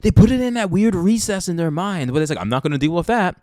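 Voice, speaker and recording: A woman's voice: on the low side, big pitch swings, fast, darkish tone, no room sound. A young adult woman hosting a podcast, delivering an impassioned monologue full of swearing and emphatic ranting. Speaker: podcast host.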